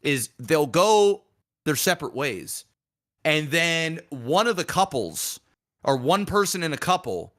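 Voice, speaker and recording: A man with a bright, forceful voice sitting slightly high for a man, talking on a casual podcast. He tells stories in an animated, profane way and jumps into the voices of the people he quotes. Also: unhurried. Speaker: podcast co-host.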